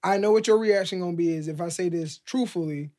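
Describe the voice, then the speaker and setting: Brief: male podcast co-host with a high voice, rambling casual talker, lots of "like". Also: fast talker, a little mellow. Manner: rambling, heavy use of "like", acts out quoted exchanges. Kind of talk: casual chat.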